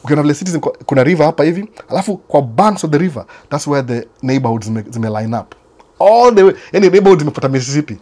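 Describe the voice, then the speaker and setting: A man's voice: fairly high pitch, lively intonation, racing, a little mellow. A man from Kenya with a Kenyan accent, hosting a casual chat that answers viewers, mixing Swahili and English and often repeating his phrases. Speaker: host. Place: United States.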